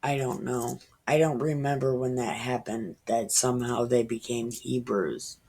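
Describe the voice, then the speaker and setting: A woman's voice: rumbling low, fairly even intonation, a little slow, mellow, husky. A woman in her thirties reading the Bible aloud and musing over it in a casual, irreverent way. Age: 30s. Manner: musing, irreverent, slips into whispers. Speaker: Bible reader.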